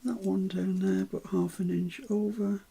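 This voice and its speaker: A woman's voice: medium pitch, flat delivery, measured pace, vocal fry, mellow, husky. An older woman giving a chatty live craft demonstration, with self-mocking asides while she works. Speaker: craft tutor.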